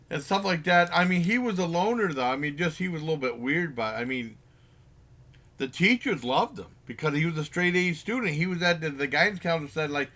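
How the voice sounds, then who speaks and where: A man's voice: fairly high pitch, lively intonation, bright, forceful tone. A man giving a casual spoken movie review, rambling with lots of fillers and restarts and acting out lines from the film. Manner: acts out characters' lines in quick bursts.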